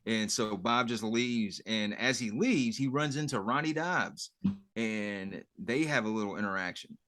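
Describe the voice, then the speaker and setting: A man's voice: on the low side, measured pace, fairly bright tone, no echo, studio quality. A man co-hosting a podcast in casual chat, easygoing and rattling off details as he recaps a show. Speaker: podcast co-host.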